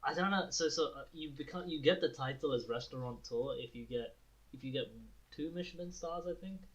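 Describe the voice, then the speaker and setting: A young man co-hosting a podcast in casual chat, animated and laughing often, who swears freely and acts out quotes. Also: fairly high pitch, fairly quick, slightly rough, muffled recording. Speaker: podcast co-host.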